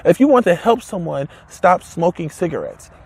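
Husky, lively high-voiced man. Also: normal speed. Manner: emphatic, repetitive, rhetorical questions. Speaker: motivational speaker. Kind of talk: casual motivational talk to camera.

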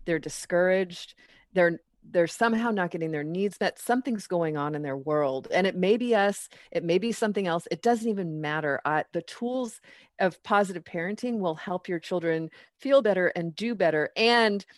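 A woman's voice: lowish voice, moderate pace, no echo, clean studio sound. A middle-aged woman who teaches parenting, chatting casually and acting out her own lines and her child's as she tells a story. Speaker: parenting educator. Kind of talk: casual chat.

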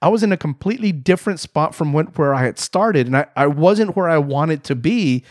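A middle-aged man hosting a podcast, telling a personal story in a lively, self-mocking way. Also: on the high side, brisk, no echo, clean studio sound. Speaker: podcast host. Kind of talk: storytelling monologue.

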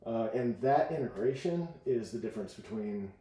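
Man, coach, casual podcast talk, mellow dark voice, roomy sound, set back from the mic. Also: lowish voice, normal speed. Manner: animated storyteller, acts out voices in quotes.

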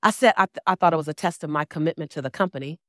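A woman's voice: deep voice, racing, a bit bright, no echo, studio quality. A woman in her forties giving a motivational speech on stage, telling her story dramatically, acting out quoted dialogue and repeating key phrases for emphasis. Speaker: motivational speaker. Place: stage before a live audience.

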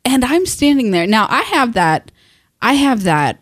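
A middle-aged woman chatting casually, animated and laughing often, with frequent restarts. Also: on the high side, measured pace, dry recording, clean studio sound. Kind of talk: casual chat.

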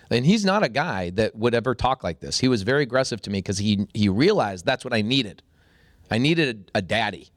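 A man in his forties, a podcast guest, telling a story with animated energy and a voice that jumps up when excited. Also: lowish voice, fairly quick, dry recording, studio quality.

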